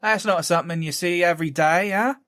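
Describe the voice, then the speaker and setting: A man's voice: high voice, a little fast, fairly bright tone, voice pushed up. A man voicing a chatty Cockney woman neighbor with a lilting voice. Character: friendly young-ish Cockney woman neighbor.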